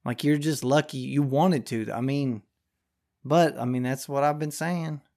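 A man's voice: medium pitch, fairly even intonation, unhurried, darkish tone. Man podcaster, young, ranting news takes, constant swearing, slangy. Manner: ranting, heavy swearing, Southern-style slang. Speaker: podcast host. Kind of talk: profane news commentary.

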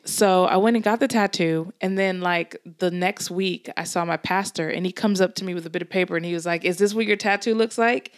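A woman with a lowish voice tells a long story in casual podcast chat. She rambles a little and laughs often. The sound is close and dry. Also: steady tone, fairly quick, few pauses, no room sound. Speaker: podcast co-host.

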